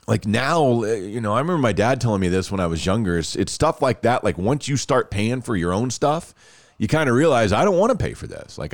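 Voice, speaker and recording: A man, hosting a podcast and telling a story in a casual, animated way, laughing often and restarting phrases. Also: on the low side, dry recording. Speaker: podcast host.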